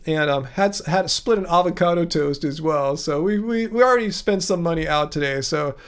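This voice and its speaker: A livestream host with a slightly high, clean voice at normal speed reads viewer comments aloud and replies to them. He's chatty and rambling, with many restarts and fillers.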